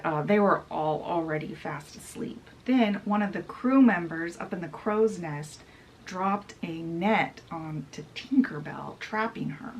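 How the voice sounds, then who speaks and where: A woman's voice: on the low side, low-quality recording. A woman hosting a book channel, summarizing a novel in a chatty retelling style full of casual asides.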